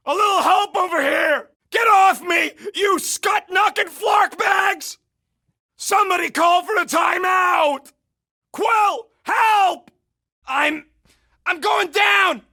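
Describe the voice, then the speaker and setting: An actor playing a gruff, wisecracking male raccoon gunner in a video game, yelling brash, sarcastic combat callouts. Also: extremely high pitch, exaggerated voice. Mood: frantic battle yelling.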